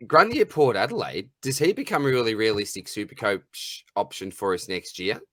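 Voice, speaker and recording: An Australian man hosts a podcast in an easygoing way, calling everyone mate. His voice sits at a middling pitch for a man. The recording is dry, with no room echo. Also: lively intonation, fairly quick, pushed and bright. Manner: easygoing, says mate a lot. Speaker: podcast host. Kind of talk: casual chat.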